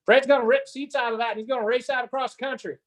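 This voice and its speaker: A man's voice: extremely high pitch, steady tone, pitched above the performer's own voice. A man voicing his buddy, a Southern man with a real drawl. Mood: matter-of-fact. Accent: American Southern. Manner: slow drawling quoted speech.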